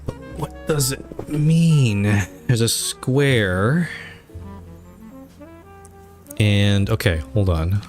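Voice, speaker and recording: Male streamer thinking aloud through a puzzle, lowish pitch, reads on-screen text aloud. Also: takes it slowly, darkish tone, soft background music. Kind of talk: let's play commentary.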